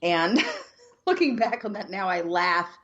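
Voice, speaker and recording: A woman's voice: on the low side, lively intonation, measured pace, a bit bright, muffled recording. A woman from the United States co-hosting a podcast, chatting in a wry, casual way. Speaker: podcast co-host. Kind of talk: casual chat.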